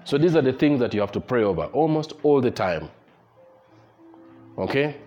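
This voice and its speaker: A man with a mid-range, animated, slightly mellow voice preaches at a moderate pace, with highs cut off and faint music behind him. As pastor at a church service, he repeats his points emphatically in repetitive exhortation and leads the congregation in prayer.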